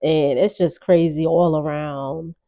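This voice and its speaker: Chatty woman recapper, low mellow voice, slightly dull lo-fi sound. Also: steady tone, slow pace. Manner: chatty, gossipy, laughing asides. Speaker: reality TV recap vlogger. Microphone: on-camera.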